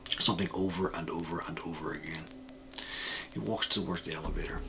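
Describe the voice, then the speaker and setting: A man running a tabletop role-playing game as game master, narrating scenes in a measured, descriptive way. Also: sits low, steady tone, gravelly, music in the background, rough recording.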